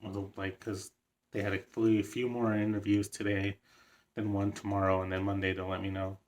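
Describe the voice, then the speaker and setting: Low, flat-voiced young man vlogging. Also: normal speed, a little hiss or hum. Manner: rambling, frequent "like" fillers, excited laughs. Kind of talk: casual vlog storytelling.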